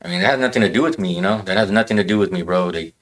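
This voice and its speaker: A man in a casual podcast chat, telling a story in rough, profane language. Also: sits low, racing, fairly bright tone.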